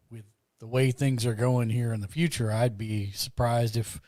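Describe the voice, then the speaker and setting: A man's voice: medium pitch, a little mellow, no echo, clean studio sound. A man playing a tabletop role-playing game, talking in character with a drawling frontier manner. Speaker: player.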